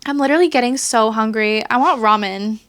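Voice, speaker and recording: A woman's voice: fairly high pitch, brisk, fairly bright tone. A woman giving a casual pick-a-card tarot reading, chatty and giggly, with many fillers. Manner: chatty, giggly, heavy use of "like". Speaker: tarot reader.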